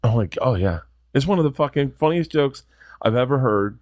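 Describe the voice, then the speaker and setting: A man who is a comedian, telling stories in a rambling, excitable, profane way as a podcast guest. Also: medium pitch, moderate pace, no room sound. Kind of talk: casual podcast chat, storytelling.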